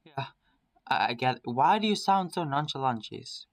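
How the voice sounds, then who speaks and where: A man's voice: mid-range voice, lively intonation, moderate pace, no room sound, natural voice. Man voicing a flustered young furry guy, stammering, hesitant, visual novel, dry close sound. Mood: uneasy. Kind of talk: reading a visual novel aloud.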